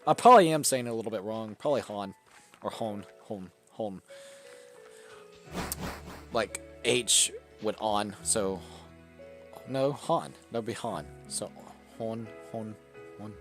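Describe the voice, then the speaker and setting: A man's voice: fairly low pitch, a little slow, long pauses, music in the background. A young man chatting casually and swearing while live-streaming a game, laughing often.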